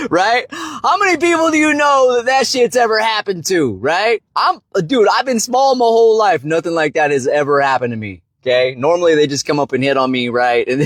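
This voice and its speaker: A young man casually telling a story on a livestream, rambling and swearing, tagging "right?" onto his lines, his voice leaping high when excited. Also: dry recording. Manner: rambling, profane, constant "right?" tags. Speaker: fitness and finance creator.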